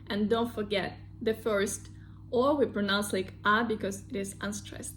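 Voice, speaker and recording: Russian-accented young woman, language teacher, unhurried delivery, repeats words to drill them. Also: mid-range voice, steady tone, a little hiss or hum. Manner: slow, patient, repeats example words several times. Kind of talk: casual online language lesson.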